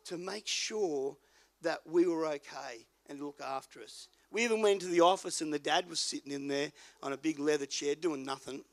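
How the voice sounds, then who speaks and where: An older pastor preaching in a relaxed, storytelling way. His voice sits high for a man and has a gravelly edge. He drops quiet, then lifts loud for emphasis. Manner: folksy storyteller, swings between quiet and loud. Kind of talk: sermon with personal story.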